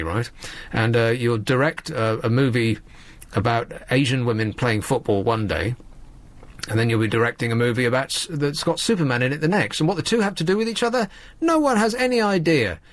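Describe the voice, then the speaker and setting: A man's voice: a little high, dry recording. A man, hosting a radio show in a wry, rambling, sardonic monologue. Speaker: radio host. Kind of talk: late-night radio monologue.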